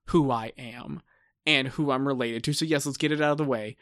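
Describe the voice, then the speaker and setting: A man in his thirties co-hosts a podcast, chatting casually and rambling with lots of restarts, filler words and swearing. His medium-pitched, fairly bright voice moves a little fast, captured in a dry, clean studio recording.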